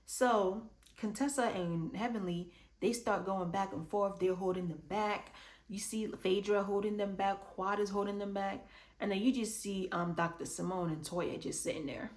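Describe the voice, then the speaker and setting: A woman casually recapping a reality show episode, chatty and animated, acting out what the cast said. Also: medium pitch, moderate pace. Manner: chatty and animated, acts out quotes. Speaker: reality TV reviewer.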